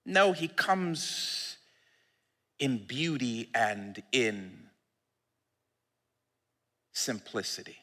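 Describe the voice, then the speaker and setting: A male pastor preaching a sermon in an animated, fervent way, often laughing at his own points. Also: mid-range voice, very slow, long pauses, long reverb tail. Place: church.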